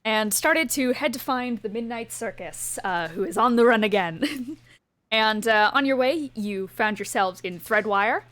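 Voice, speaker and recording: A woman's voice: fairly high pitch, lively intonation, a little slow, fairly bright tone. A woman from Canada narrating a tabletop game as game master, chatty and laughing between lines.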